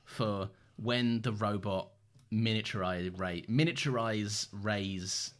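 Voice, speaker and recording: A man's voice: lowish voice, slight background noise. A young man co-hosting a fan podcast in casual chat, joking, laughing easily and acting out lines. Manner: jokey, quick to laugh, acts out quotes. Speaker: podcast co-host.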